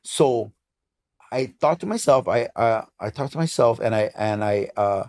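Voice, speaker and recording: Here a Hawaiian man in his fifties talks at a slightly slow pace with a medium-pitched voice and a Hawaiian English accent. He's a guest on a casual interview, a DJ and club promoter who tells stories with lively emphasis.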